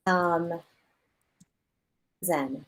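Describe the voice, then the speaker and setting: A woman chairing a school council meeting over a video call, casual and quick to laugh. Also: fairly low pitch, fairly even intonation, a bit bright, poor audio. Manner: casual, laughing, running the vote.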